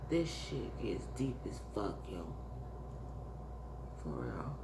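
A woman vlogger rambling in a casual monologue, musing and swearing, sighing often and sometimes dropping into soft whispers. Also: a bass voice, huge pitch swings, takes it slowly. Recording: echoey room with background noise.

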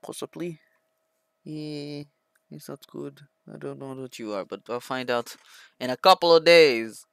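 A young man streaming a flight combat game, talking to his viewers in an excitable, rambling way. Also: fairly high pitch, a little slow, creaky, clean tone, no room sound. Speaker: gaming streamer. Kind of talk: live gameplay commentary.

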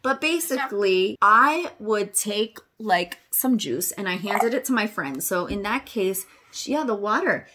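A woman talks through a casual how-to in a bright, clear voice. She is chatty and animated, and often jumps up into a high, excited tone to act out phrases. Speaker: parrot owner teaching viewers. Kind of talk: casual vlog tutorial.

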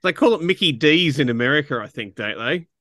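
A man hosting a loose podcast, his voice bright and slightly raised in pitch. He teases his guest and keeps things moving with playful questions. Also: expressive, fairly quick. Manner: teasing, prompting questions. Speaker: podcast host. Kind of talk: casual chat.

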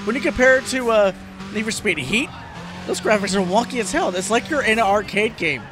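A man hosting a let's play of a racing game, excitable, yelping and cursing at the game and joking about his own driving. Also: sits high, a little fast. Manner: self-deprecating joking. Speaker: gaming video host. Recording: game music behind.

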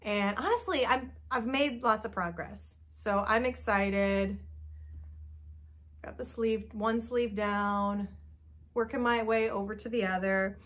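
This knitting video host has a medium-pitched, fairly bright voice and speaks slowly. Chatting nervously and casually to the camera, she comes across as self-doubting and leans heavily on fillers.

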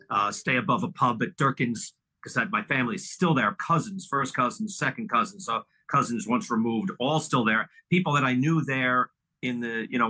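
Middle-aged man from Long Island; interview guest; loose, meandering storyteller with a bright, forceful voice. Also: mid-range voice, rough recording. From Long Island, New York. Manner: rambling, full of "you know" fillers and restarts. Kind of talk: casual reminiscing conversation.

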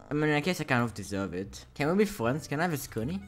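Excitable young guy yelling over gameplay. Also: mid-range voice, brisk, hardly any pauses. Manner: excitable, yelps and laughs, casual slang. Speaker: gaming YouTuber. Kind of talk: Minecraft gameplay commentary.

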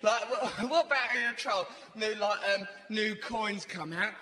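A man's voice: sits high, unhurried, hardly any pauses. A man performing live stand-up comedy, telling rambling stories full of "right?" asides. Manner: animated, rambling storytelling with frequent "right?" asides. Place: theatre stage before a live audience. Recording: echoey live hall, audience noise.

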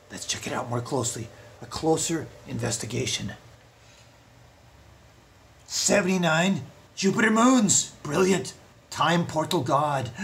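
A man playing a mischievous, rocket-obsessed billionaire tycoon in a comedy sketch, using a put-on South African accent and breaking into giddy, high-pitched squeals. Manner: scheming and giddy, bursting into high squealing laughs.

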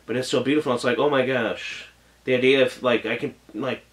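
Man, anime reviewer, casual video review, gushing, rambling, emotional, choked up at times, mid-pitched voice. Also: fairly even intonation, a little fast. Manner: gushing, rambling, full of "like" and "oh my gosh".

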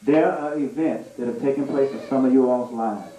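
A man preaching a storytelling sermon, animated and laughing through a comic story. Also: medium pitch, normal speed, hardly any pauses, a little hiss or hum. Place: church sanctuary. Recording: echoey church room, mic at a distance.

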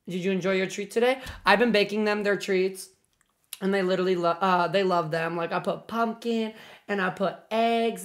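On a live reaction stream, a woman with a medium-pitched voice chats casually and excitably, cursing often and fussing lovingly over her pets.

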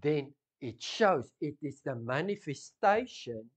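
A man with a South African accent preaching a sermon, swinging from loud emphasis down to hushed intensity. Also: a little high, big pitch swings, slow. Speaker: pastor.

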